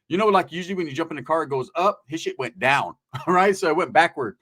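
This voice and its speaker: A man telling crude, animated stories in a casual, profane way, often tagging right? onto his lines. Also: on the high side, fast talker. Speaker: podcast host telling stories.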